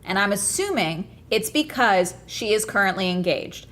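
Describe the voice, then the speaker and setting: A woman's voice: mid-range voice, expressive, moderate pace, fairly bright tone. A woman streamer chatting casually to her viewers, ranting hard and swearing a lot. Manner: ranting, profane, fired up. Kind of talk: casual livestream chat.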